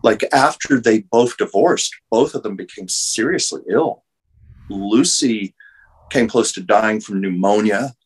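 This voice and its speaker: Husky man telling an earnest story. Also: lowish voice, measured pace, poor audio. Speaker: interview guest, artist and medium. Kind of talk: casual storytelling in an interview. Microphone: video call.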